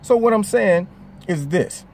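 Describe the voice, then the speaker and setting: A man's voice: sits high, expressive, a little slow, gravelly, slight background noise. Man talking opinion commentary. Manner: conversational, emphatic, slips into quoted voices. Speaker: vlogger.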